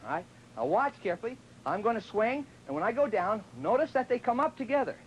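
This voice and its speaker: A man's voice: high-pitched, sing-song, quick pace, lo-fi sound, slight background noise. A man teaching tennis on a TV show in a chatty, joking way, sometimes acting out what his students say. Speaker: tennis instructor. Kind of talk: televised tennis lesson.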